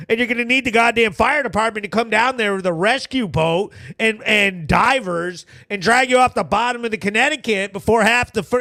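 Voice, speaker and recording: A man hosting a local news recap show, telling stories in a crude, animated way with loud shout-outs and frequent laughter. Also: very high voice, no echo, studio quality. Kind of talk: casual profane storytelling.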